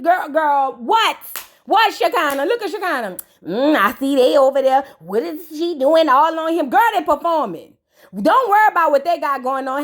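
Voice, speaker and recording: A woman hosting a casual reality TV reaction video, sassy and gossipy, roasting the cast and calling the listener "girl". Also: sits high. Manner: blunt roasting asides.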